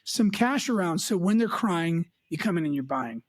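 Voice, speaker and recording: A woman's voice: fairly low pitch, moderate pace, breathy edge, no room sound. A woman who works as a financial advisor, talking emphatically on an advice chat show and acting out her clients' voices. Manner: emphatic, lively, mimics clients.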